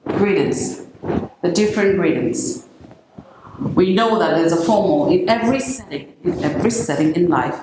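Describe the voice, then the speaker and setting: A woman teaching an English class, lively and demonstrative, acting out greetings with big swings in her voice. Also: normal speed. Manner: animated, acts out greetings with big pitch swings. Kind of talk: classroom lesson. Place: echoey classroom. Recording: very echoey room with steady noise.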